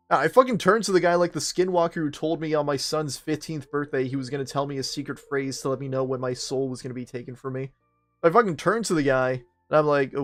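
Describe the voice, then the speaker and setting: While streaming a game, a young man tells a rambling, self-mocking story laced with profanity, and faint game music plays underneath. His voice sits at medium pitch with a slight brightness, and it's casual storytelling while gaming.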